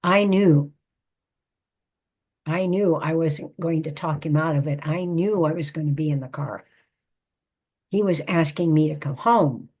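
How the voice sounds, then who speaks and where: Older woman guest, husky lowish voice, recounting a personal story in an interview. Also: a little mellow. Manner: measured, reflective storytelling. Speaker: guest, psychotherapist and author.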